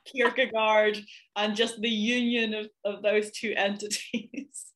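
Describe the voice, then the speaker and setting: A woman's voice: mid-range voice, flat delivery, slow, fairly bright tone. A woman from Ireland, an author and guest on a podcast, talking casually with self-mocking humor and many fillers. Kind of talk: casual chat.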